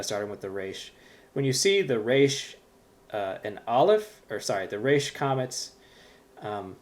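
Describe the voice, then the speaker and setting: Teacher, male, mid-range voice, patient and explanatory, clicking through slides. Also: mid-range voice. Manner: patient, explanatory, with frequent fillers. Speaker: Hebrew teacher. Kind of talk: explaining a language lesson.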